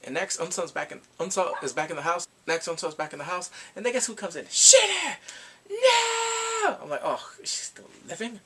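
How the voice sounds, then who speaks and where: A man giving a rambling, excitable casual recap of a TV drama, reacting with gasps and quoted asides. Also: a little high, fast talker, hardly any pauses, a little hiss or hum. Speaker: drama reviewer.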